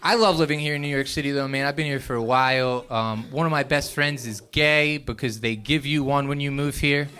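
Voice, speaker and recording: A young man doing a stand-up set in a comedy club, telling stories with animated voices and sudden loud outbursts. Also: mid-range voice, a little fast, hardly any pauses, a crowd in the background.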